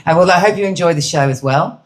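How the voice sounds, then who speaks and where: A middle-aged British woman doing stand-up, chatting cheekily with the audience. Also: fairly low pitch. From Britain. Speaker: stand-up comedian. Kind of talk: stand-up crowd work. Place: comedy venue with live audience.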